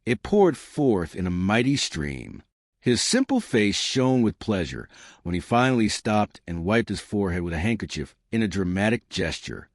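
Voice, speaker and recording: Male audiobook narrator, expressive storyteller, low and lively, dry close sound. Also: normal speed, no room sound. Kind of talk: scripted narration.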